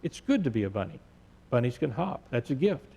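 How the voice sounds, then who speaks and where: A man voicing a gentle, lonely little male bunny in a storybook tale, in a plaintive, earnest tone. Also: medium pitch, big pitch swings, brisk, creaky, breathy edge, heavily acted. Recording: echoey church sanctuary.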